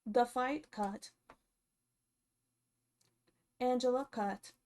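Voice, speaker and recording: A young woman giving casual, animated commentary as a reality show vlogger, chatty and full of fillers. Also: a little high, unhurried.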